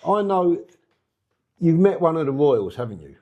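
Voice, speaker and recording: A man's voice: on the high side, big pitch swings, moderate pace, highs cut off. A man hosting a casual interview, teasing his guest and leading her with friendly questions. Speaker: podcast host.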